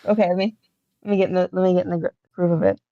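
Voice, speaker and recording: A woman's voice: lowish voice, little pitch movement, very fast, no room sound, muffled recording. A woman playing a tabletop game, chatty and peppering her talk with likes. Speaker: player. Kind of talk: casual chat.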